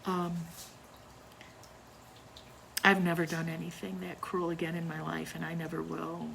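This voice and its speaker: An older woman telling a personal ghost story from her childhood, in a hushed, slow way that sometimes drops to near whispers. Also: fairly low pitch, completely flat delivery, vocal fry, a little hiss or hum, low-quality recording.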